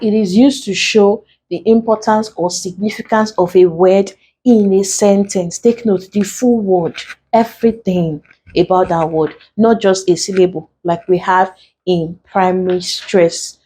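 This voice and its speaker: A woman with a mellow, warm voice teaches an English exam tutorial. She explains patiently, goes over key points more than once, and slows right down when dictating notes. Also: mid-range voice, breathy edge, poor audio.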